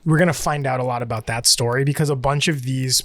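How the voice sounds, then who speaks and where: A man's voice: mid-range voice, fairly even intonation, fast talker, a bit bright, no echo. A man co-hosting a podcast, chatting casually and rambling, often interrupting himself and laughing. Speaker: podcast co-host. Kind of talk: casual chat.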